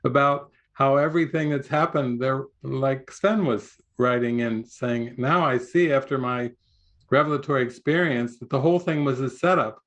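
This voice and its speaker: A man's voice: mid-range voice, moderate pace, fairly bright tone, highs cut off. An older man giving a spiritual retreat talk over a video call, rambling, with many restarts and frequent laughs. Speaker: spiritual teacher.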